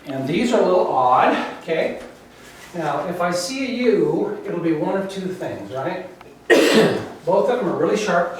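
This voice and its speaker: A man's voice: high voice, expressive. A man teaching a Bible Hebrew class, patiently drilling letters and often checking in with the students. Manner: patient, repeats "okay?" to check understanding; slow, careful letter-by-letter drilling. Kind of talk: classroom lecture. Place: classroom, recorded from the back. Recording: very echoey room, distant mic, faint noise.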